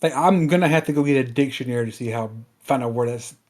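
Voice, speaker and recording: A mid-pitched co-host who teases the others and throws in quick jokes during a casual podcast chat. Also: a little mellow. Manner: teasing and joking, quick to laugh.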